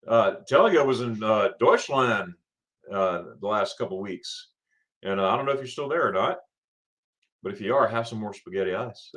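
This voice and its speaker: A man's voice: on the low side, animated, normal speed. Chatty man hosting a morning livestream. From Florida, USA. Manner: rambling, repeats words, greets chatters warmly by name. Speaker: livestream host. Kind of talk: casual livestream chat.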